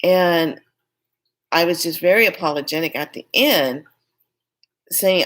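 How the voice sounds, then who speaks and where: A woman's voice: fairly low pitch, unhurried, long pauses, fairly bright tone. A woman telling a personal story in a candid, rambling, emphatic way. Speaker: spiritual vlogger.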